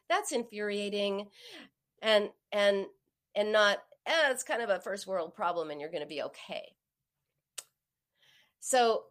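A woman in her forties hosting an advice talk, speaking straight to the listener and acting out the voices in her stories with big jumps in pitch. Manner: animated storyteller, acts out quoted voices with sharp pitch jumps. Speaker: host giving advice on emotional eating.

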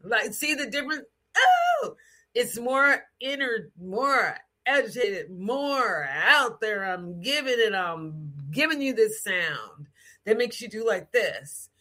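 A slow, mid-range voice leads an improvised lesson on sound. The adult speaker is strong, frank and direct, breaking into lively imitation voices and fragments of song as demonstrations.

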